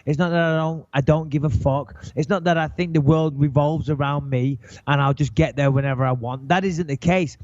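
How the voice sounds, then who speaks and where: A man's voice: fairly high pitch, fairly even intonation, brisk, hardly any pauses, darkish tone, no room sound. Profane rambling man, dry dull audio. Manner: profane, rambling, self-deprecating. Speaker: podcast co-host. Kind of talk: casual storytelling chat.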